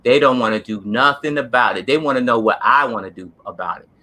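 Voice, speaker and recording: A man tells a story in a casual, earnest, emphatic way. His voice is bright and forceful at a middle pitch. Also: quick pace. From New Jersey. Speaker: co-host, former police officer.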